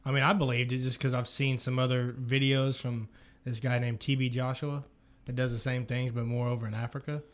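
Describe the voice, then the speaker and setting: A man in casual chat, talking slowly and softly. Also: mid-range voice, flat delivery.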